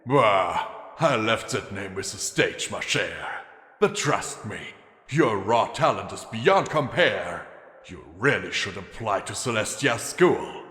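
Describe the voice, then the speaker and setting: A man's voice: on the low side, very animated, slow pace, sharp tone, exaggerated voice. Man doing a grand old French-accented showman stallion. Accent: French-flavored speech. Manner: flamboyant, sweeping. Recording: long reverb with faint music.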